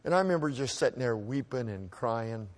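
Man, folksy storyteller, middle pitch, halting, repeats words, speaking at a microphone. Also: expressive. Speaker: speaker telling a personal story. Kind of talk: personal storytelling to an audience.

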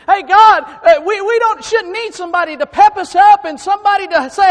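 Male preacher, very high voice, fervent sermon delivery, long hall reverb. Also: brisk, few pauses. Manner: rising to fervent shouting peaks. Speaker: preacher and song director.

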